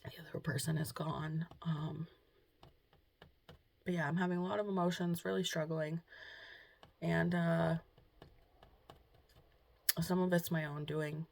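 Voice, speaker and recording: A young woman vlogging at home, talking softly and hesitantly with many pauses, emotional and close to tears. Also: low voice, fairly even intonation, gravelly. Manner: soft, hesitant, full of ums and trailing off. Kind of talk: casual confessional vlog talk. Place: at home, indoors.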